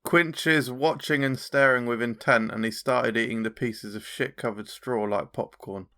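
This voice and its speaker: A man's voice: mid-range voice, fairly even intonation, normal speed, sharp tone. A man describing his character in a tabletop game, offhand in tone. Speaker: player.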